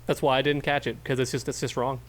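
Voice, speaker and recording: A man's voice: medium pitch, flat delivery, quick pace. A man chatting on a gaming podcast with a middle-range voice. He laughs easily and tells stories with relish, jumping into silly voices. A faint hiss sits under the microphone. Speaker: podcast co-host. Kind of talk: casual gaming chat.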